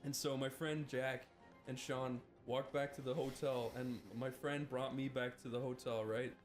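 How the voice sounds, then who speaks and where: A man's voice: mid-range voice, little pitch movement, moderate pace, faint music behind. A man with an Irish accent telling a rambling, laughing anecdote full of fillers. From Ireland.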